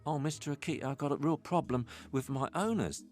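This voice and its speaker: A man's voice: on the high side, a little fast, pitched above the performer's own voice, lightly acted. A man voicing a young male puppy who gossips and complains about his owners. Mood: worried.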